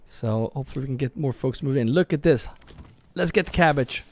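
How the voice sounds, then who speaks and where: A Norwegian man with a medium-pitched, fairly quick voice streams himself gaming, casually commenting on his play. He thinks aloud and often corrects himself, with faint music in the background.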